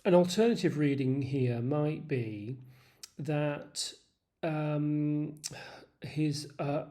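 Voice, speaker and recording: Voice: medium pitch, slow pace, mellow. A literature tutor explaining a play in an informal, thoughtful way, with fillers. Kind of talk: literature lesson, reading and analysing a play.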